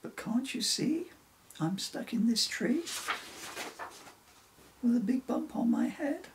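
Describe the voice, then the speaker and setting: A man's voice: extremely high pitch, expressive, slow pace, background noise, pitched above the performer's own voice, full character voice. A man voicing a polite, clumsy young male reindeer in a children's story-poem, apologetic and sheepish.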